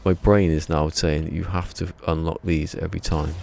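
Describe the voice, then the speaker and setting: A man's voice: a bass voice, flat delivery, normal speed, creaky, a little mellow. A tired man chatting casually to his live-stream audience while he plays, rambling and talking to himself. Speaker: game streamer. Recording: noisy stream audio.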